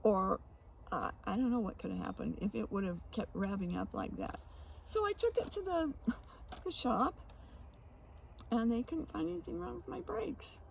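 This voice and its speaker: Woman, co-host, casual chat, gravelly, highish voice, laughs a lot, faint hiss behind. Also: big pitch swings, rough recording. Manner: laughs often, halting restarts.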